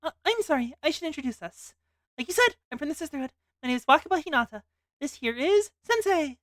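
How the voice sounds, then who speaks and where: A woman's voice: high-pitched, expressive, fast, fairly bright tone, dry recording, studio quality. A woman doing a polite young church sister. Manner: polite and apologetic.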